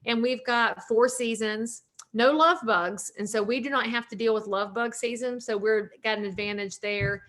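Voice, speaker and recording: Southern woman, 40s, realtor guest, chatty and joking, a bit high-pitched. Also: fairly even intonation, normal speed, fairly bright tone. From North Carolina, US. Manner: talkative, joking, upbeat. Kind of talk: casual interview chat.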